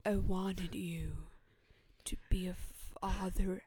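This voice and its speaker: A woman putting on a hurt young man pleading with his father in a slow, half-whispered voice. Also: medium pitch, level tone, dark tone, breathy edge, no room sound, studio quality.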